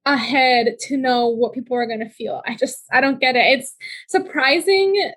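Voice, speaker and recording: A woman co-hosting a podcast in casual chat, animated, with a lot of "like" and some swearing. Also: fairly high pitch, moderate pace. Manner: animated, uses a lot of "like" and swears when riled. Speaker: podcast co-host.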